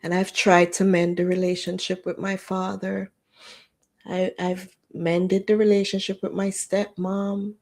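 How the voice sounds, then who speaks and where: A woman, hosting a livestream and telling a personal story in a candid, emotional way with lively quoted dialogue. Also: lowish voice, measured pace. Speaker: livestream host.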